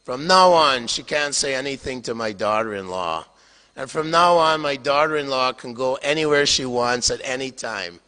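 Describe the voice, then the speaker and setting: A quarrelsome old mother-in-law protests in a fretful tone, voiced by an older man in a lecture. The voice is bright and carries a long hall reverb. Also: medium pitch, moderate pace, smooth, lightly acted.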